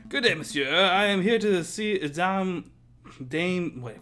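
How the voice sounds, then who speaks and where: A man voicing a male falcon lawyer, polite and measured. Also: sits high, animated, fairly bright tone, faint music behind, full character voice. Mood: formal.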